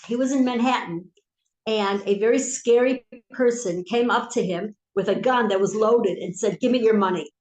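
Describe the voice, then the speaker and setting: A woman leading an informal Torah class, telling stories and swinging between soft asides and emphatic lines. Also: fairly high pitch, normal speed. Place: historic synagogue hall. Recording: echoey room.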